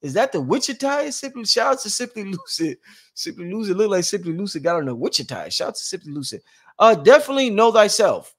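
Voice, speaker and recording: A man hosting a casual livestream, reading out chat shout-outs and talking informally, often repeating himself and swinging between loud and quiet. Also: high voice, big pitch swings. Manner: informal, drawn-out, repeats phrases. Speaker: livestream host.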